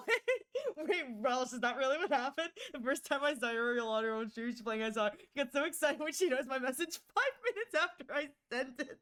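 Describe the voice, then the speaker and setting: A woman's voice: high-pitched, animated, a little fast, fairly bright tone. A woman streamer chatting casually with her viewers, giggling often, rambling and apologizing with many restarts. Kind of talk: casual chat with live chat.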